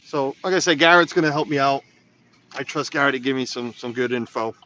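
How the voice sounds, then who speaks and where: Inside a car on snowy roads, a man live-streams a casual chat, rambling and reading viewer comments out loud. His mid-range voice comes across bright and forceful, and he talks fairly quickly. It's recorded as slightly dull lo-fi phone audio.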